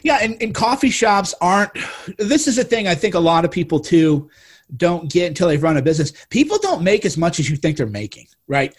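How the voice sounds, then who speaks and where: A man with a high, husky voice hosts the talk and speaks bluntly with open indignation. He swears freely and pushes his points hard. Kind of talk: casual political chat.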